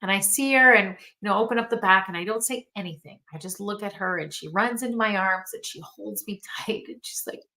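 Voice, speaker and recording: A woman's voice: medium pitch, brisk, hardly any pauses, pushed and bright. A middle-aged woman coach giving an earnest motivational talk, telling a family story and speaking straight to her listeners. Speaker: mentorship coach.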